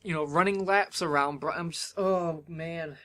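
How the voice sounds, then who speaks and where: A young man hosting a solo wrestling review podcast, retelling events in an excitable, animated way with lots of fillers. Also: fairly high pitch, normal speed. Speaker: podcast host.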